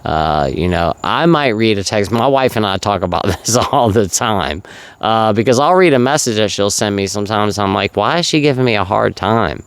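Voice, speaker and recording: A man's voice: on the low side, expressive, moderate pace, clear, resonant tone, dry recording. A man giving casual, earnest advice as a vlogger, rambling and full of fillers. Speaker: vlogger sharing recovery advice.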